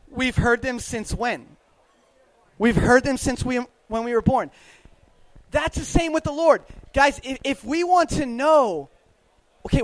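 A man's voice: extremely high pitch, dry recording, low-quality recording. A man, a youth minister, giving a casual, chatty faith talk, laughing often and putting questions to the audience.

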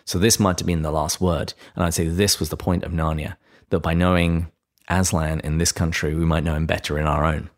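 A man's voice: deep voice, level tone, brisk. A man hosting a casual book discussion podcast, earnestly retelling scenes and reading passages aloud. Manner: earnest, reads quotes with gentle emphasis. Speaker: podcast host.

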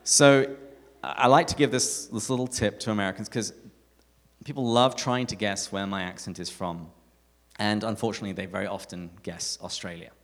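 A man with an English accent giving a live talk to an audience, telling stories with animated, self-mocking humour. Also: fairly low pitch, moderate pace. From England. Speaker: speaker at a parish talk night. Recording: echoey hall reverb.

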